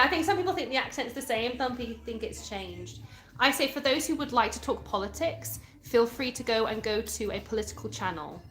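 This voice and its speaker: Her voice is on the high side and fairly bright, carrying a British English accent. She's an Englishwoman in her thirties hosting a relaxed live stream indoors at home, chatting and responding to comments from viewers.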